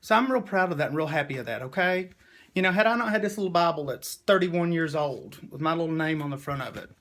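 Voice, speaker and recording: A man's voice: on the high side, a bit bright, a little hiss or hum. Emotional man preaching to camera. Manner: emotional, preachy, Southern-style "y'all" talk. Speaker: vlogger. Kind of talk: heartfelt personal monologue.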